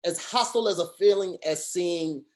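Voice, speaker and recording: A man's voice: sits high, moderate pace. A man co-hosting a casual podcast chat over a video call, talking earnestly in long rambling runs with restarts and fillers. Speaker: podcast co-host.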